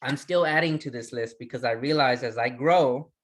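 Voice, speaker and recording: A man teaching a recorded goal-setting lesson, full of energy. He fires off question after question, often restarting his words. His voice sits at a middle pitch. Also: normal speed. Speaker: resilience trainer.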